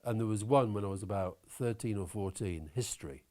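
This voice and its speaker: A man talking as an interview guest, opinionated and animated, swearing now and then. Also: on the low side, a little fast. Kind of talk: conversational interview.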